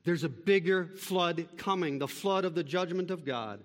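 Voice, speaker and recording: A man preaching a sermon, building from steady teaching to loud, impassioned pleading. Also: high-pitched, normal speed, big-room sound. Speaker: pastor.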